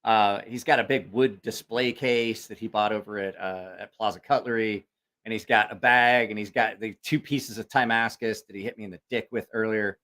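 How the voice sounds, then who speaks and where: On a casual livestream, a man with a school-age child tells a long, meandering, profane story filled with voices he quotes. His lowish voice stays steady and fairly bright at a moderate pace.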